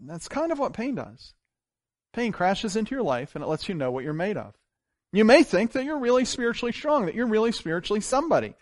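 Animated male pastor preaching. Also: high voice, fairly quick, no echo, studio quality. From grew up on a farm. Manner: animated storytelling with wide swings in loudness. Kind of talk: sermon.

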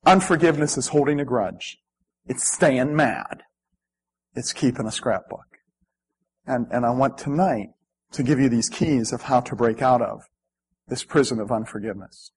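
A man preaching as a pastor, reading scripture aloud with lively, dramatic delivery. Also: mid-range voice, moderate pace, long pauses, husky, poor audio. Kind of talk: sermon.

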